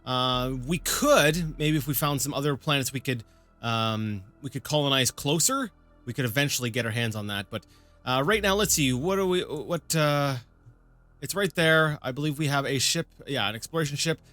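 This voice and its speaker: A man's voice: mid-range voice, normal speed, pushed and bright, soft background music. A man hosting a strategy game playthrough, chatting casually and thinking aloud with plenty of fillers. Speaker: host of a gaming channel. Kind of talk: casual let's-play commentary.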